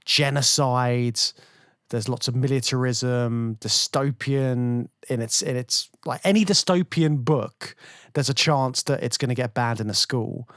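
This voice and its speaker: Male podcast co-host, mid-pitch, dry close mic, casual with sarcastic asides. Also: measured pace, no room sound. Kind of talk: casual film discussion.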